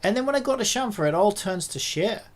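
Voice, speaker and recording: A woman's voice: mid-range voice, expressive, fast. A woman, a game developer, talking to herself in a casual dev log, frustrated and swearing a lot.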